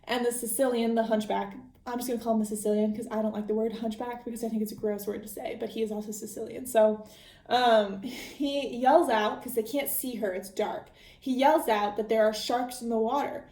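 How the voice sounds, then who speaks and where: A fairly high-voiced woman hosts a podcast and recaps a book in loose, chatty storytelling, tripping over her words and restarting often. Her voice bounces around a roomy, echoing space. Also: fairly even intonation, fairly quick, mellow. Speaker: podcast host.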